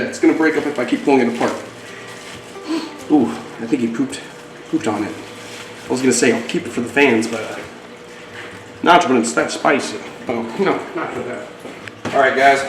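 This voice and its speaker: Excitable man talking to his snakes. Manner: excited, coos at the snakes in a high voice. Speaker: reptile keeper and channel host. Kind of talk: casual vlog narration. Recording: roomy, distant, music behind.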